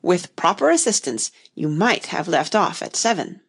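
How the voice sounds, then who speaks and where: Woman doing a pompous egg man, argumentative, swooping voice, gravelly, husky, storybook reading. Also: fairly low pitch, very animated, normal speed, heavily acted. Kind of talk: audiobook reading.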